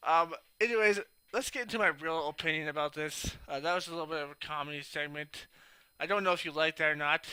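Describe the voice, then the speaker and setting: A man's voice: on the high side, fast talker, bright, forceful tone, smooth, no room sound. A man talking casually in a commentary vlog, rambling and sarcastic with lots of fillers. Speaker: YouTube commentator.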